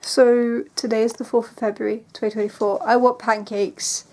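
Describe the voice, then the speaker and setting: A woman's voice: on the high side, flat delivery, moderate pace, darkish tone. Giggly, rambling woman vlogger. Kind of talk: casual vlog chat. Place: home.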